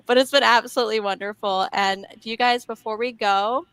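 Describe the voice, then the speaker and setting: A woman's voice: a little high, moderate pace, a bit bright, smooth, no echo. A woman hosting a live online chat, talking frankly and laughing often. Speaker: host.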